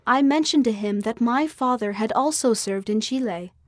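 A woman's voice: fairly high pitch, normal speed, dry recording, clean studio sound. Earnest woman reading a personal story. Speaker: audio magazine reader. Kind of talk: scripted first-person narration.

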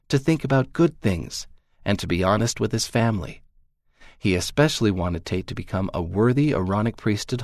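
A man reads a story aloud in a calm, measured way. His voice sits low and steady. The sound is close and dry, with no room echo. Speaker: story narrator. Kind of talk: scripted narration of a magazine story.

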